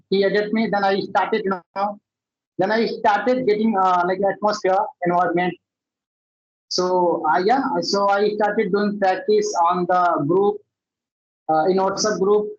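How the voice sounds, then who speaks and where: A man's voice: sits high, fairly even intonation, measured pace, highs cut off. A man from India speaks hesitantly and politely as a learner, repeating himself and addressing his partner as sir. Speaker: English learner. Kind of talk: conversational English practice session.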